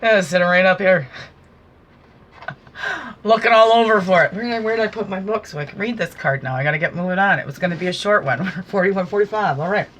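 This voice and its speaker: A woman's voice: on the low side, fast talker, fairly bright tone. Earnest woman giving spiritual guidance. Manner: earnest, conversational, preachy asides. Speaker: spiritual card reader. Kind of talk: casual spiritual guidance talk.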